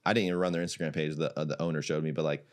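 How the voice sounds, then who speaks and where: A young adult man from Iraq, a jiu-jitsu gym founder, telling a story as a podcast guest in a casual chat, animated and laughing often, with many "like"s. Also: a bass voice, rapid-fire.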